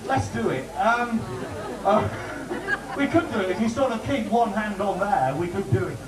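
High lively guy warming up a studio crowd, echoey, far off mic, crowd around. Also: moderate pace, background noise. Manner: chatty, joking, lively. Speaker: audience warm-up man. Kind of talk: studio audience warm-up patter. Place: TV studio with live audience. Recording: roomy studio heard from afar with audience.

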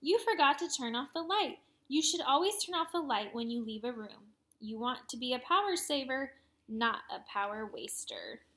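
A woman's voice: high-pitched, animated, normal speed, a bit bright. A woman voicing a bossy little girl who lectures her brother in a children's storybook. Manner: preachy, scolding.

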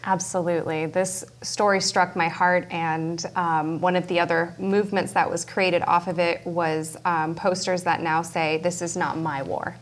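A woman hosting a news show, reading scripted stories in a steady, earnest way. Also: on the low side, measured pace, hardly any pauses.

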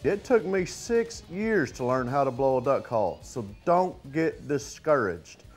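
A man's voice: mid-range voice, sing-song, measured pace, soft background music. A man, a duck hunter giving blunt, folksy calling advice with humor. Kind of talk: casual advice.

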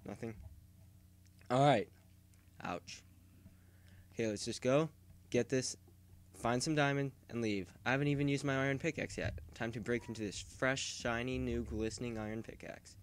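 A man's voice: medium pitch, normal speed, long pauses. Rambling male gamer, yelps when startled. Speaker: gaming video host. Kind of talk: casual gameplay commentary.

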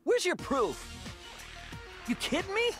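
An actor voicing a hot-headed, defiant teenage boy in a video game dub, shouting and hurling insults. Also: very high voice, wildly swooping pitch, slow pace, heavily acted. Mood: taunting. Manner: shouting denials, insulting, explosive. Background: game music.

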